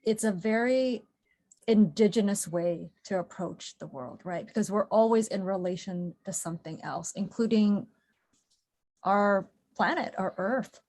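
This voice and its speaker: A woman's voice: mid-range voice, unhurried, a little mellow. A woman hosting an interview podcast, affirming her guest and asking open questions. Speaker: podcast host. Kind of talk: interview conversation.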